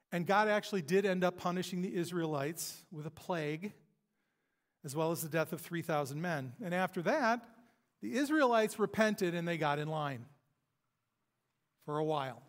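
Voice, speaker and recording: Male preacher, high pitch, storytelling delivery with long reverb from the sanctuary. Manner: storytelling, emphatic pauses. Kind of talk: sermon. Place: church sanctuary.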